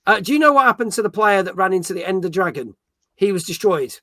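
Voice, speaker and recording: High, bright-voiced host. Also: male voice, expressive, fast talker, no echo, clean studio sound. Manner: joking, reads viewer comments aloud. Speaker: podcast host reading chat. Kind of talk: casual live-stream chat.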